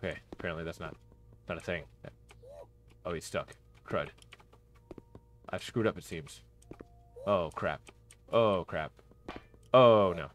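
A man hosting a gaming channel, giving casual commentary on a horror game, talking to himself and yelling when panicked. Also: deep voice, measured pace, pauses often, soft background music. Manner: excitable, talks to himself and yells in panic.

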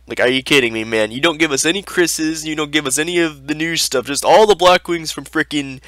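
A man's voice: mid-range voice, a bit bright, dry recording. A young man giving sarcastic, exasperated commentary as a video host, ranting over screen listings. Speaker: YouTube host reviewing card listings.

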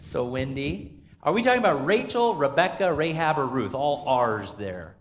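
A man's voice: fairly high pitch, animated, normal speed. Chatty pastor quizzing his congregation. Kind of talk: interactive Bible trivia sermon. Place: church sanctuary. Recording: long church reverb.

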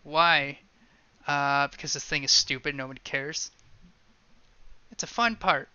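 A man's voice: fairly high pitch, measured pace, bright, forceful tone, clean tone, no room sound. A man casually playing through a game, reading its dialogue aloud in a wry, offhand way. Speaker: let's play gamer. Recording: slightly dull lo-fi sound.

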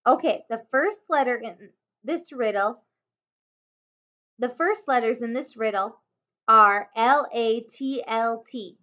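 A woman's voice: on the high side, slow pace, pauses often, sharp tone. A woman voicing an anxious, careful young boy in a children's story, worried and stammering. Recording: dull lo-fi home recording.

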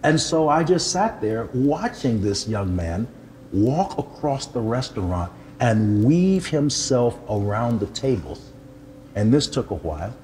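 An older man, a pastor, telling a personal testimony in an animated, humorous way and poking fun at himself. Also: mid-range voice, a little slow, slight background noise. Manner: animated, humorous, self-deprecating storyteller.

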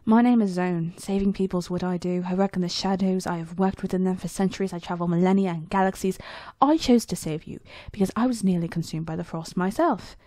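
A woman's voice: fairly low pitch, a little fast, dark tone, no echo, lightly acted. A woman voicing an ageless male space traveler, confident and matter-of-fact, explaining things insistently in a storybook reading.

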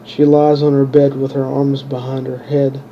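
A man reading his own fantasy story aloud in a plain, monotone way, stumbling and restarting now and then. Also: mid-range voice, normal speed, dull audio, a little hiss or hum. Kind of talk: unpolished audiobook narration.

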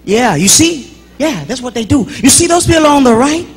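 A man giving a joking church welcome that swings into shouted preaching, bantering with the congregation. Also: very high-pitched, big pitch swings, normal speed, husky, faint music behind.

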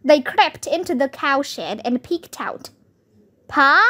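A woman narrating a children's book aloud with steady, clear storytelling. Her voice is high and her pace slow and careful.

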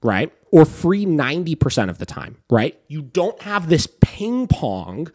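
Pitched fairly high with a sing-song lilt, he talks at a measured pace in a somewhat mellow tone. He's a young dog training podcast host who explains with casual emphasis, often asking "right?" and cursing now and then.

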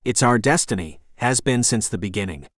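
A man's voice: lowish voice, expressive, a little fast, no echo, clean studio sound. A man voicing an earnest, determined young male dragon prince in an audiobook. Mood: resolute.

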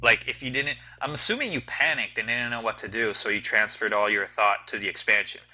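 A man's voice: lowish voice, brisk, bright, forceful tone, soft background music, poor audio. A young man giving casual, teasing commentary on a multiplayer game match over online voice chat, talking in stops and restarts. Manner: chatty, teasing, with many restarts. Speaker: game caster.

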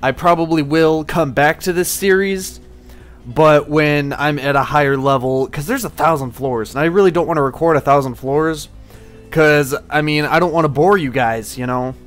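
A man casually commenting on his gameplay, rambling and excitable, swearing at enemies. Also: a little high, moderate pace. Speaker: gaming channel host. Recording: faint game music behind. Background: game music.

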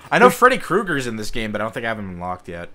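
A young man hosting a casual gaming session, excitable, shouting and laughing at the game. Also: lowish voice, fast. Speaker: gaming channel host. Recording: game music behind.

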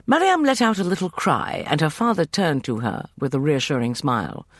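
Give me a man narrating an audiobook with a lively, somewhat high, expressive voice. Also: moderate pace, few pauses, dry recording, studio quality. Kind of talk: scripted first-person narration.

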